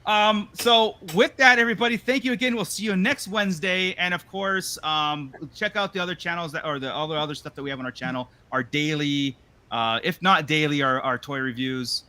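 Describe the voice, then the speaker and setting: Guy hosting a late night stream, kinda high bright voice, rambly and chatty. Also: fairly quick. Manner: loose, chatty, laughs often. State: tired. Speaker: podcast host. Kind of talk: casual livestream chat.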